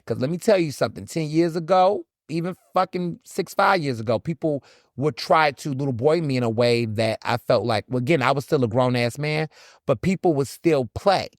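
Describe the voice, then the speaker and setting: A man's voice: fairly high pitch, normal speed, dry recording, clean studio sound. A man from the American South hosting a solo podcast, talking bluntly and animatedly, swearing freely and acting out encounters. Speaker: podcast host. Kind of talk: casual solo commentary.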